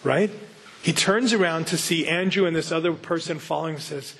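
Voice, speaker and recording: Husky-voiced pastor, a touch high, earnest conversational teacher who reads scripture and asks the audience questions. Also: male voice, brisk, a bit bright. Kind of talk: Bible reading and sermon teaching.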